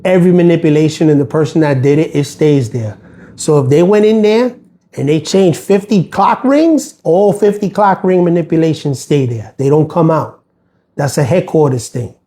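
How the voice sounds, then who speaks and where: A man's voice: on the high side, normal speed, dark tone. Aggrieved man rambling on a livestream. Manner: aggrieved, rambling, many fillers and restarts. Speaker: postal worker livestreaming. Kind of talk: casual livestream monologue.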